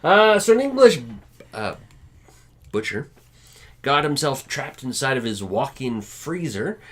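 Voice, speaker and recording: A man from Canada co-hosting a casual news chat, reading out stories in a relaxed, dry way with many fillers. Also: mid-range voice, unhurried. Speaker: podcast co-host.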